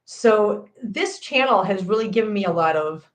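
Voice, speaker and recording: A woman's voice: mid-range voice, lively intonation, normal speed. A woman in her forties chatting casually on a home livestream, reading out viewers' comments, rambling and laughing often, on a laptop microphone. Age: 40s. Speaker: livestream host reading chat.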